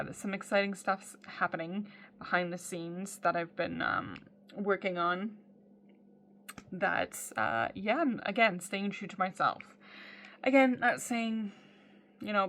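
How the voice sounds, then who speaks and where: A woman's voice: mid-range voice, fairly bright tone. A woman talking in a casual personal video diary, blunt and swearing freely, with many "um" fillers. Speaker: vlogger.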